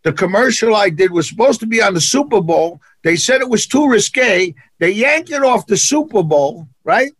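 A man's voice: high-pitched, lively intonation, moderate pace, few pauses, no room sound. A man with a New York accent, an actor being interviewed, telling stories in an emphatic, punchy way and repeating phrases for effect. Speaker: actor and martial arts instructor, guest. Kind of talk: animated interview storytelling.

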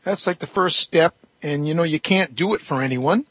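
A man in a radio interview walks through his breathing practice, calm and explanatory, with easy fillers. His voice sits a little high and has a husky edge. The sound is close and dry. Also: moderate pace, no echo. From Canada. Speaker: breathwork teacher, guest. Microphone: phone line.

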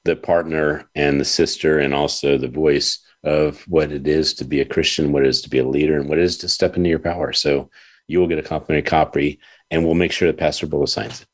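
A man hosting an interview talk show, speaking earnestly with halting pauses and repeated words. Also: rumbling low, steady tone. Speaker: radio show host.

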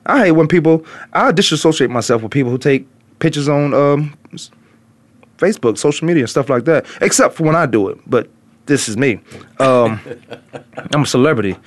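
A man's voice: on the high side, brisk. A man hosting a sports talk show, joking and teasing his co-hosts in casual banter. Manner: animated, teasing, laughs often. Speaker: host.

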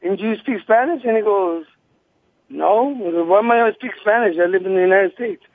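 A man in his thirties, a former boxing champion, telling animated stories over the phone and acting out the people he quotes. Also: sits high, a little fast. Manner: animated, acts out quoted people, many restarts. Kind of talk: casual phone interview storytelling. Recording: tinny phone line, dry.

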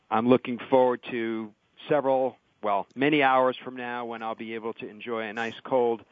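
A man speaking as a guest on a radio panel, explaining his ideas in a measured way. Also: medium pitch, dry recording. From California. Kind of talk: remote radio interview. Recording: tinny phone-like line.

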